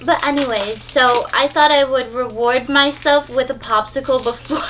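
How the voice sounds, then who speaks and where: A woman's voice: high-pitched, normal speed, hardly any pauses, over music. A young woman chatting through an unboxing video, bubbly and gushing, with frequent gasps and giggles. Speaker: unboxing vlogger. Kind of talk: casual unboxing chat.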